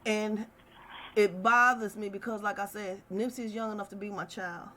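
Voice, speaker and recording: A woman's voice: mid-range voice, fairly even intonation, moderate pace, bright, forceful tone. A middle-aged woman hosting a casual chat stream, talking in a passionate, heated way. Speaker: livestream host.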